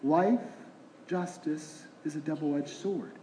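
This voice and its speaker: A man's voice: on the high side, takes it slowly, warm tone, a little hiss or hum. A middle-aged man, a pastor, preaching a conversational sermon full of rhetorical questions. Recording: roomy echoing hall.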